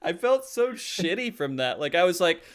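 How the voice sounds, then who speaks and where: Smooth, laughing gamer podcast host. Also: male voice, sits high, moderate pace. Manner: animated, laughs often, trails off and restarts. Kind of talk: casual chat.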